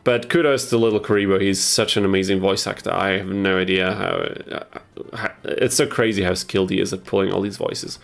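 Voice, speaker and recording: A man's voice: deep voice, fairly even intonation, brisk, gravelly, fairly bright tone. A young man casually chatting on a live game stream, answering chat as he plays, on a headset mic. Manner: chatty, reads and answers chat while playing.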